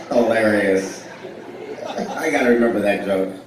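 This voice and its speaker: A man's voice: mid-range voice, lively intonation, normal speed, background noise. A man in his forties doing live stand-up in a club, telling rambling, self-deprecating stories and riffing with the crowd. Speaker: stand-up comedian. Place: blues club stage with a live audience. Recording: echoey club heard from far off.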